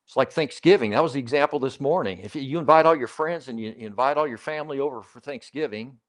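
A man's voice: medium pitch, fast. A man preaching a sermon as pastor, in a conversational, emphatic way, putting questions to the congregation and repeating key phrases.

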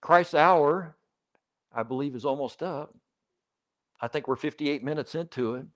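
A man's voice: a little high, unhurried. A man preaching a sermon as pastor, in a conversational, emphatic way, putting questions to the congregation and repeating key phrases.

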